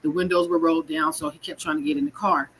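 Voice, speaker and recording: A woman's voice: low-pitched, steady tone, quick pace, a bit bright, slight background noise, rough recording. A woman from California telling her own story in a raw, frank, emotional way, swearing and repeating her words. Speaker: guest sharing her story. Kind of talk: personal storytelling.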